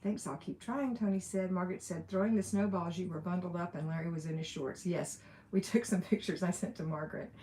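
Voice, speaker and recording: A chatty livestream host with an Alabama accent reads viewer comments aloud during a casual live question session, laughing now and then. Her voice is on the low side, warm and a little fast with fairly even intonation, and there's a little hiss or hum in the audio from her room at home with the window open.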